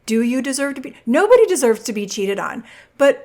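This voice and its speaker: Brief: middle-aged woman, fairly high voice, lively podcast host with acted-out quotes. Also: a little fast. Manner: animated storytelling, acts out quoted voices. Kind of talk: podcast monologue giving relationship advice.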